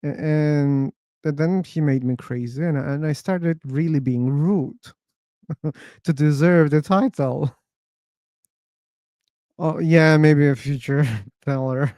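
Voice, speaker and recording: A man's voice: a little high, steady tone, takes it slowly, pauses often, warm tone, no room sound, studio quality. A man hosting an online voice-chat room, rambling casually, laughing and swearing as he tells stories.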